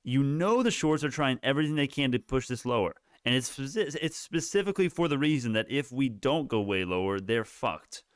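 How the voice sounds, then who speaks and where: A man's voice: mid-range voice, animated, a little fast, hardly any pauses, smooth, no room sound, clean studio sound. A man hosting a live stock market stream, commenting on price moves in a rambling way, often correcting himself mid-sentence and swearing now and then. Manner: rambling, self-correcting, profane. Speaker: livestream stock market host.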